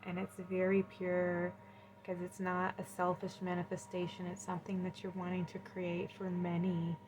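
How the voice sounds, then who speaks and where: A woman reading tarot cards in a gentle, soothing way, often moved and effusive. Her voice sits fairly low and stays even, with little rise and fall. A steady hiss of background noise runs under her speech. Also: moderate pace, poor audio. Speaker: tarot reader. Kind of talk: pick-a-card tarot reading.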